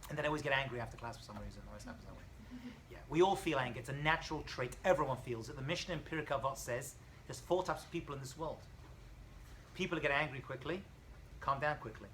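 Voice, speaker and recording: A man lecturing as a rabbi in a college classroom, lively and storytelling, acting out characters as he goes. His tone is bright and forceful. A faint hum of the room sits under the voice. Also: medium pitch, quick pace, rough recording. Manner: animated storyteller, acts out dialogue, jokes with students.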